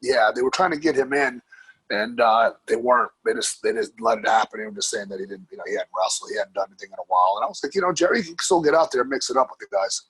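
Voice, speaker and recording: A man in his forties from New York, casually telling his life story in an interview, animated and swearing freely. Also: mid-range voice, quick pace, husky, no echo, rough recording. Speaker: podcast guest, grappling coach.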